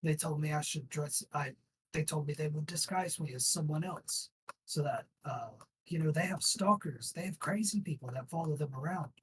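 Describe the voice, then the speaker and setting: A man's voice: on the high side, normal speed, slight background noise, close to an everyday voice, rough recording. A man voicing a frightened young man working as hired security, nervous and pleading, with a raised voice. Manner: nervous, pleading, repeating words.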